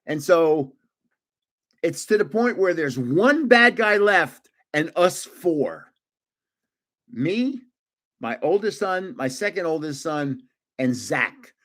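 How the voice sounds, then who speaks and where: His fairly high voice goes slowly, with frequent pauses, as this man in his 70s hosts a livestream. He tells gaming stories casually and animatedly, laughing often and restarting.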